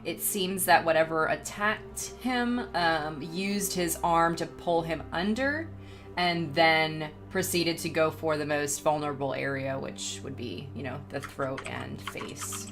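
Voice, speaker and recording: Low-voiced lady running a horror tabletop game, slow careful describing, lots of ums. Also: music in the background. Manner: measured, descriptive, with frequent ums. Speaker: game master.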